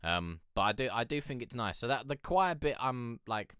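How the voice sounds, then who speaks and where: A bright-voiced man rambling through a casual music review, swearing as he goes. He sounds like he has a cold, and the sound is dry and close. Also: medium pitch, animated, moderate pace, clean tone, dry recording.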